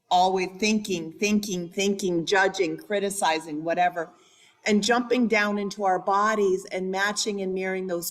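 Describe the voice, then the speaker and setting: A woman life coach giving an animated, empathetic training talk, often repeating phrases for effect. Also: medium pitch. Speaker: life coach, workshop speaker. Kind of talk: training talk to a hybrid audience.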